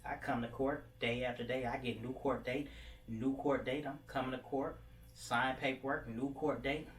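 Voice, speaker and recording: A man's voice: mid-range voice, steady tone, moderate pace. A man recounting his own story in a rambling monologue, full of "you know" and "like". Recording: distant mic with faint background noise.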